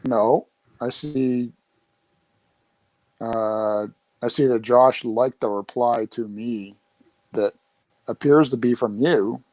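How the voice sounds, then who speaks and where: A man's voice: medium pitch, takes it slowly, pauses often, a little mellow, no echo. Questioning male podcast co-host on phone. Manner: puzzled, questioning. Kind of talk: casual podcast chat. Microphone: phone on a remote call.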